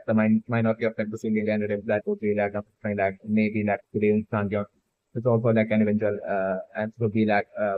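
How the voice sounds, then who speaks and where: A man's voice: lowish voice, no echo. A man giving a rambling solo commentary on a theory, packing nearly every phrase with "like" and "uh" and restarting sentences. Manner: filler-heavy, says like constantly, restarts. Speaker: fan theory video maker. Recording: tinny phone-like sound.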